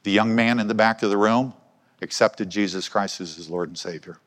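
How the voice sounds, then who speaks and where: With a long reverb from the church hall around him, a man preaches in a conversational style, asking the congregation questions. His lowish voice is a bit bright, and he speaks fairly quickly.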